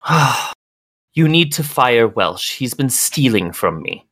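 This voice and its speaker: A game master voicing a young woman alchemist, proud and imperious, with formal, grand phrasing. The pitch moves in lively swings, recorded dry and close. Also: slow, no room sound, full character voice. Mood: haughty. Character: young haughty woman alchemist, vain and accusing.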